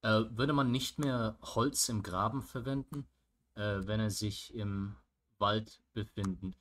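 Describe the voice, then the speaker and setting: A man's voice: fairly low pitch, fairly even intonation, measured pace, fairly bright tone. A man from Germany, a streamer, chatting casually and hesitantly, stammering and restarting, with casual swearing. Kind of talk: casual chat.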